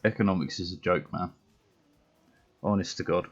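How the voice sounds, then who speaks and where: A man's voice: sits low, moderate pace, soft background music. A young British man streaming a game, chatting casually in a blunt, sweary way and laughing often. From Britain. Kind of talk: casual chat while gaming. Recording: dull lo-fi mic.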